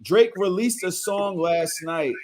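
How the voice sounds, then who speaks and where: A man's voice: sits high, takes it slowly, a loud crowd. A man co-hosting a podcast, making his case insistently and telling it as a story. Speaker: podcast co-host. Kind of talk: casual debate.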